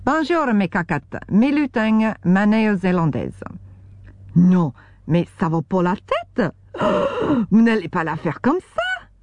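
A woman's voice: medium pitch, wildly swooping pitch, measured pace, a little mellow, no echo, dull audio. A woman putting on a bossy French woman cook. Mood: scolding. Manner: scolding, theatrical.

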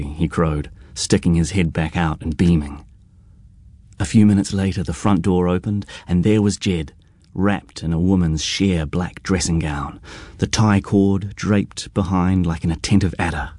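A man reading a novel aloud in a measured, even storytelling voice. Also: sits low, no echo, clean studio sound. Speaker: audiobook narrator. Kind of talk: scripted narration.

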